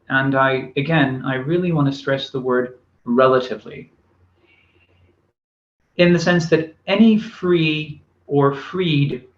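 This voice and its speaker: A man giving a recorded university lecture, speaking with many fillers and restarts. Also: a little high. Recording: echoey room, dull lo-fi sound.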